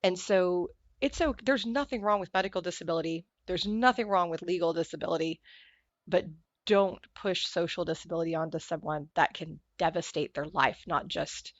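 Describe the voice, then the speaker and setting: A woman's voice: fairly low pitch, normal speed, no echo, lo-fi sound. A woman guest on a podcast interview, talking candidly and acting out the voices of people in her stories with bursts of laughter. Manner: animated storyteller acting out quoted voices with laughter.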